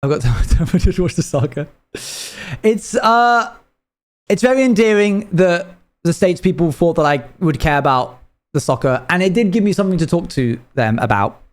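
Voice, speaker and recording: A man's voice: high voice, expressive, moderate pace. A British man from the UK chatting casually on a live stream, rambling as he reads chat messages aloud and answers them. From United Kingdom.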